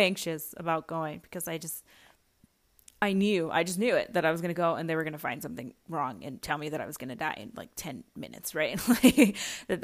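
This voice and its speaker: A woman's voice: fairly low pitch, fairly bright tone. A young adult woman hosting a podcast, telling a personal story in a chatty way, with lots of fillers and little laughs. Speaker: podcast host.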